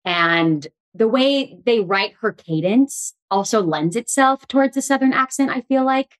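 Laughing Californian actress, chatty. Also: female voice, on the high side, a little slow. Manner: laughs often, animated. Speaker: actress guest. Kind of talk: casual interview chat.

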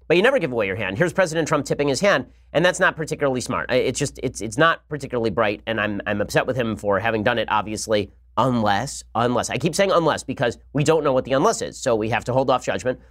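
A man hosting a political podcast, giving rapid, argumentative commentary with emphatic points. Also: mid-range voice, animated. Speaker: podcast host.

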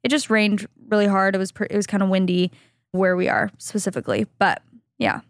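A woman co-hosting a casual podcast, from Southern California, chatty and playful as she mimics the people in her stories. Her voice has a middle pitch and is recorded close and dry. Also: level tone, brisk, no room sound. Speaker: podcast co-host. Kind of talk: casual chat.

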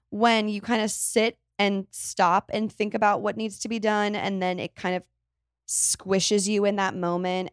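A woman's voice: mid-range voice, no room sound, studio quality. A young woman in her twenties hosting a casual solo podcast, chatty and rambling, often correcting herself mid-sentence. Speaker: podcast host.

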